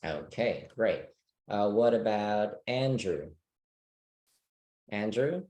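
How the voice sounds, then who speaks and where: A man's voice: fairly low pitch, expressive, slow pace, a little mellow. A man teaching an online English speaking class, patient and checking that students understand.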